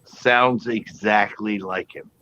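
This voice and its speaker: A man's voice: fairly low pitch, takes it slowly, sharp tone. Guy hosting a live panel, chatty and rambling, dull lo-fi stream sound. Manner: rambling storytelling with many restarts. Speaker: host. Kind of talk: casual chat on a live panel.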